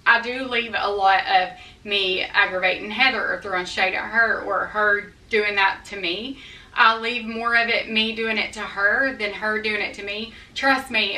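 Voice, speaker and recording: A woman's voice: medium pitch, bright, forceful tone. A middle-aged woman, speaking bluntly and defensively to camera about viewer comments, in a folksy way. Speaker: vlogger addressing viewer comments. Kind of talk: candid talk to camera. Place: her house, indoors. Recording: roomy echo, a bit distant from mic.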